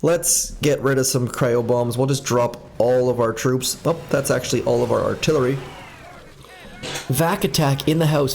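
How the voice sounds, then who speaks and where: A man's voice: medium pitch, darkish tone, slight background noise. A man hosting a casual live stream, chatting upbeat and thinking aloud while he plays. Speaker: game streamer.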